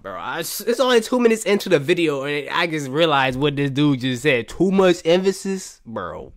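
A man reacting to basketball clips, animated and incredulous, saying "bro" at the end of many lines. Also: fairly high pitch, moderate pace. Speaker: reaction streamer. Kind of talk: excited sports reaction commentary.

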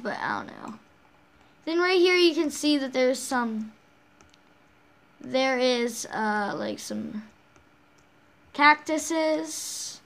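A woman's voice: high-pitched, fairly bright tone. A woman hosting a casual game walkthrough, rambling along with frequent restarts and self-corrections. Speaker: game channel host.

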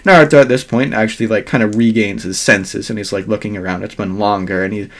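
A man's voice: lowish voice, fairly even intonation, quick pace. A man telling a fan-made what-if story in a rambling, filler-heavy way, swearing freely.

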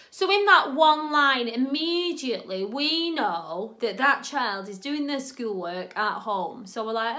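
Brief: woman, drama teacher, high bright voice, chatty and animated. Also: measured pace, few pauses. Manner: chatty, animated, checks in with "okay?". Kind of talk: instructional talk.

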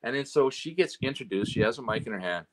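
A man's voice: mid-range voice, expressive, quick pace, fairly bright tone. A man from Canada, a guest telling stories in casual chat, rambling and full of "you know" and "right?". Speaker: guest, road and stage manager.

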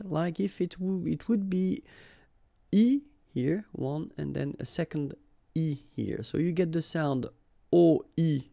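A man's voice: a little high, vocal fry, mellow, no room sound, clean studio sound. A man with a French accent, a native French speaker, teaching vocabulary and patiently drilling pronunciation, checking in with the learner after each word.

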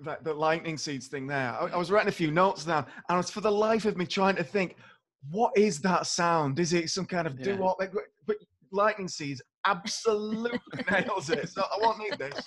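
A man's voice: high-pitched, moderate pace, fairly bright tone. A man with a Northern English accent, co-hosting a casual comedic chat with playful asides. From Northern England. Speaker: co-host.

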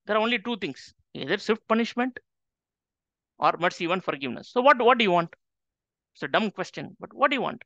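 A man leads a Quran class, his tone bright and forceful as he presses his listeners with rhetorical question after question. The sound is dry and close, with a slightly dull, lo-fi quality. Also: high-pitched, big pitch swings, brisk, no echo. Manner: emphatic, asks many rhetorical questions. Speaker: Islamic teacher. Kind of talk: Quran class talk to an audience.

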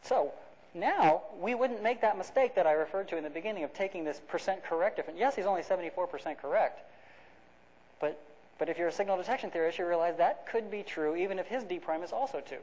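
Here a lecturer with a high-pitched, slightly mellow voice speaks at a quick pace in a lecture hall. His talk is conversational and academic, built step by step and full of restarts and fillers, and the lo-fi recording sounds dull.

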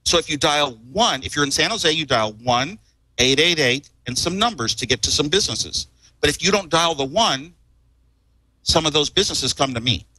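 On a talk show, a male guest tells stories casually and ramblingly, chuckling and repeating words along the way. His voice sits on the high side and sounds animated, bright, and forceful at a moderate pace. The recording quality is low.

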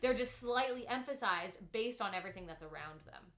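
A woman's voice: medium pitch, animated, brisk, fairly bright tone, echoey room. A woman teaching a one-on-one piano lesson, patient and upbeat, explaining step by step with many "like"s.

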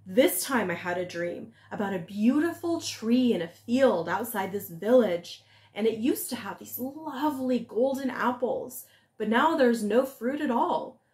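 A woman voicing the devil's old mother, a sharp-tongued but caring figure who scolds and coaxes, in a storybook telling. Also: on the high side, lively intonation, a little slow. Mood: coaxing. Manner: scolding, coaxing. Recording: echoey room.

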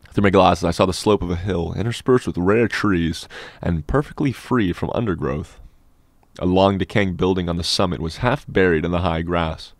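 A man narrating a classic novel as an audiobook in a measured, steady storytelling manner, close on a studio mic. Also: deep voice, no echo. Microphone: dynamic studio microphone.

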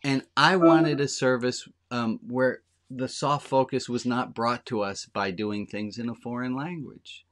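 Candid, conversational rabbi giving a talk. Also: male voice, medium pitch, a little hiss or hum. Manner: conversational and candid, slowing down to stress key lines. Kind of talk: informal sermon to a congregation.

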